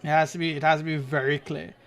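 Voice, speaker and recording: A man's voice: on the high side, fast, creaky, some chatter behind. A man co-hosting a podcast, telling stories in casual chat and laughing often. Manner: storytelling, animated, laughs often. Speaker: podcast co-host.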